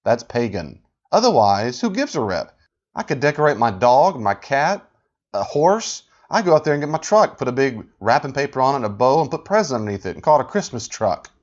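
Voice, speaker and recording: A man hosting a podcast, talking with animated, sarcastic exasperation as he rebuts a video. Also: mid-range voice, fairly quick. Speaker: podcast host. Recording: dull lo-fi audio.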